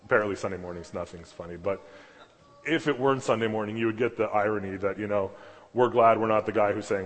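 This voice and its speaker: A man's voice: fairly low pitch, fairly quick. A man preaching a casual, conversational sermon as pastor, with many fillers and asides. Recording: long hall reverb.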